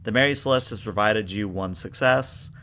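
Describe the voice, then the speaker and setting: A man with a lowish voice runs a tabletop game, laying out dice rules and outcomes at an easy pace. A faint hiss sits under his voice. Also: moderate pace. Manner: relaxed, explaining dice rules. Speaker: game master.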